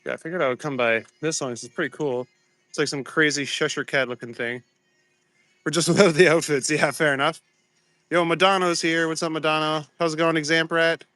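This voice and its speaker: A man's voice: fairly high pitch, steady tone, a little fast, pushed and bright, dry recording, faint music behind. A man hosting a live stream as he walks outdoors at night, chatting loosely with viewers on his phone, greeting them and laughing easily. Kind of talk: casual live-stream chat. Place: outdoors at night, walking the streets. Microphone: phone camera.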